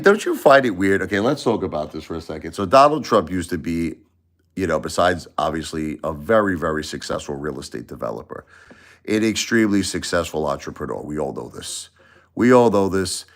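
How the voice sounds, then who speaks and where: A man hosting a casual opinion livestream, rambling and repeating himself in an animated way. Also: sits low. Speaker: livestream host.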